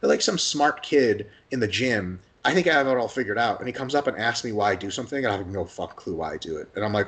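A man rattles along at a quick clip in a casual podcast chat. He swears freely and acts out little imagined exchanges, jumping into other voices for a moment. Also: lowish voice. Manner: fast, animated, profane, acts out imagined dialogues. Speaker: guest, hypertrophy coach.

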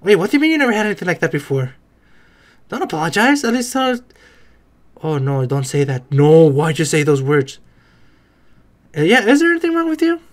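A YouTuber reacting to an anime, with casual joking commentary and sudden excited outbursts. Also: mid-range voice, brisk, long pauses.

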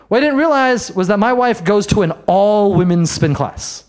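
A man doing a stand-up set in a comedy bar, brash and self-mocking, with quick asides to the crowd. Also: sits high, lively intonation. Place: comedy bar in front of a live audience.

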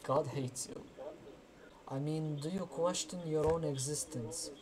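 A man hosting a casual chat, opening with a lively, playful intro and then asking teasing questions. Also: fairly high pitch, unhurried, crowd noise. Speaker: host.

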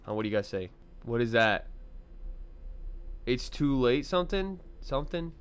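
A young man doing gaming commentary to his chat, loud, excitable, slangy and quick to laugh. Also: medium pitch, smooth. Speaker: gaming YouTuber. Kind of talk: let's-play commentary.

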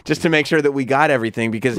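A man's voice: medium pitch, rapid-fire, a bit bright, no room sound, clean studio sound. A man hosting a radio talk show, recounting an old incident in an easygoing, matter-of-fact way. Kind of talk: casual talk-show chat.

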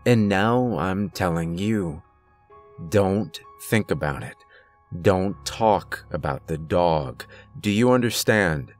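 A man voicing a stern, secretive grandfather who gives grave, hushed warnings. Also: low-pitched, animated, slow pace, soft background music. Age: older.

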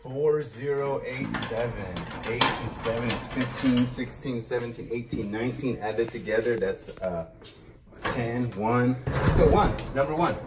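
A man's voice: medium pitch, a little slow, background noise. A man hosting a vlog, chatting casually and joking while he sorts through a storage unit. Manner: chatty, jokey, thinking out loud. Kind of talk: casual chat to camera.

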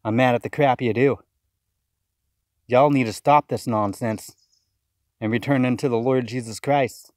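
A man's voice: medium pitch, steady tone, unhurried, long pauses, a little mellow, dry recording, studio quality. A man giving a fiery, accusatory video sermon, often repeating words as he rants. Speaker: self-styled preacher. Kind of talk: impassioned video sermon rant.

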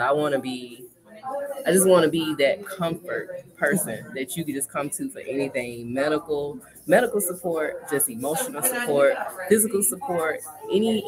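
A deep-voiced woman talks as a doula guest, earnest and heartfelt, and often repeats her words. Loud crowd chatter runs behind her. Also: low-quality recording. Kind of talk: conversational interview.

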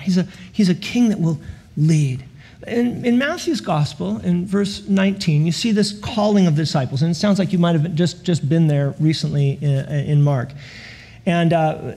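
A man preaching to a church congregation, his voice pitched high and a bit husky. He tells stories with lively energy, laughing and tossing in playful sound effects as he goes. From California. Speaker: guest pastor. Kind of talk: sermon. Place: church sanctuary.

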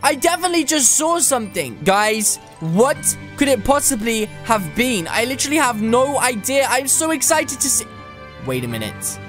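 A woman narrating a game roleplay in an excitable, exclamatory way, gushing and shouting reactions as she voices her characters. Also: on the high side, moderate pace. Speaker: gaming video creator. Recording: clear background music.

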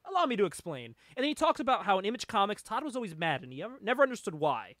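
A man with a high, bright voice talks casually about old comic books, swinging widely in pitch and laughing often. The sound is dry and close, with no room around it. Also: racing, dry recording. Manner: animated, laughs often, reads comic dialogue aloud. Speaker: podcast host. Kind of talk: casual comic book chat.

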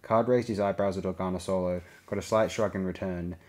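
A man reading a science fiction audiobook aloud, giving the characters' lines small shifts in pitch and volume. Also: fairly even intonation, a little fast, a little mellow. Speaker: audiobook reader. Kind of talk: scripted narration.

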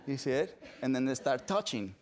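A man giving an animated storytelling talk at an event, now and then acting out excited dog lovers in high squealing voices. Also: normal speed, a little hiss or hum. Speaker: dog behaviorist speaker. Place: event stage.

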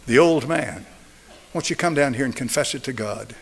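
A man in his seventies preaching a sermon and altar call, driving points home through repetition and swinging between raised and hushed delivery. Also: medium pitch, normal speed, vocal fry, husky. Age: 70s. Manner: emphatic, repetitive preaching cadence. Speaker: pastor.

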